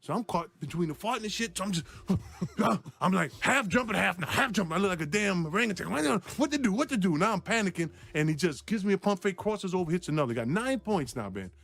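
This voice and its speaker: Animated laughing man telling a story. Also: high-pitched, a little fast, creaky. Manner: laughing, acts out voices, swears casually. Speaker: former player telling a story. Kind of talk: animated anecdote in an interview.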